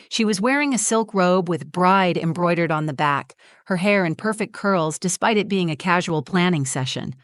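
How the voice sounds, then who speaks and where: A woman narrating a first-person story with a steady, even delivery. Her voice is somewhat low for a woman. The sound is dry and close, with no room echo.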